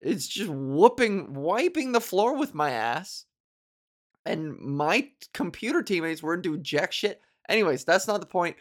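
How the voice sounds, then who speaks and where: Young woman podcast host, casual rambling monologue, profane and self-deprecating, very animated pitch. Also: measured pace. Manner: rambling, profane, self-mocking, laughs often.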